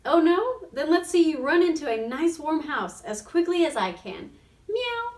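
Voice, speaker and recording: A woman's voice: high-pitched, very animated, unhurried, darkish tone, pitched above the performer's own voice. A woman voicing a smug female cat who teases and mocks. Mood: teasing. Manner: teasing, mocking. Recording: roomy sound from a distant mic.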